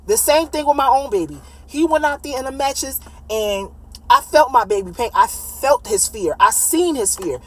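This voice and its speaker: A woman in her late thirties telling a personal story in a casual, blunt, animated way, swearing freely. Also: fairly high pitch, moderate pace, rough recording. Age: late 30s.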